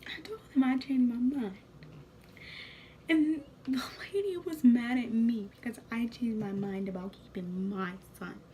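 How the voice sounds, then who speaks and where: 19 yr old girl vlogging, high voice, slow and breathy, faint hiss behind. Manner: soft, tearful, often breathy and whispery. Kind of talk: emotional personal vlog.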